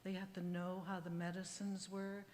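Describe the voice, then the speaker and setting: A woman elder giving a heartfelt, unhurried ceremonial welcome at a graduation. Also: lowish voice, level tone, a little mellow, slight background noise. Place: large hall at a university graduation ceremony. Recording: livestream audio with hall reverb and faint ambience.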